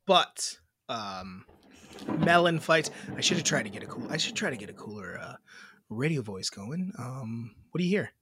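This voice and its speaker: A man's voice: mid-range voice, sing-song, moderate pace, a bit bright, breathy edge. A man co-hosting a casual podcast, rambling and swearing casually as he chats. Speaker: podcast co-host. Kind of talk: casual chat.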